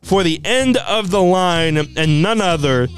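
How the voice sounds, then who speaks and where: A man casually recounting an imagined wrestling show in an excitable storytelling manner. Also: high-pitched, soft background music. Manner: excitable, quick, laughs as he tells it. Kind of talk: casual fantasy wrestling recap.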